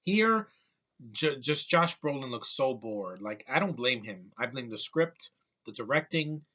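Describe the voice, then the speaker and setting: A man's voice: mid-range voice, big pitch swings, measured pace, bright, forceful tone. A man giving a blunt, exasperated movie review at home, swearing casually and piling on complaints.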